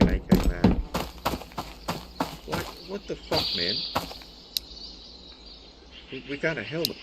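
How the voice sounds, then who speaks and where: This young gaming streamer rants and swears about poor loot while commenting live on his game, speaking slowly with long pauses. His medium-pitched voice has big pitch swings and vocal fry. Heavy background noise and loud game sounds fill the recording.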